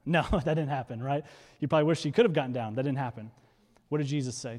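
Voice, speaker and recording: A man preaching a sermon with high energy, speeding through quick asides and then slowing to stress key words. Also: darkish tone. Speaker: pastor. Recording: hall reverb.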